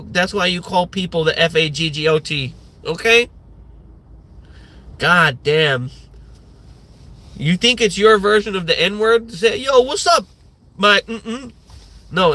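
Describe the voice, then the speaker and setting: A man's voice: a little high, bright, forceful tone. A man in his thirties hosting a livestream, ranting in a rambling way with lots of swearing and filler words. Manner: rambling, profane, many fillers. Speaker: livestream host.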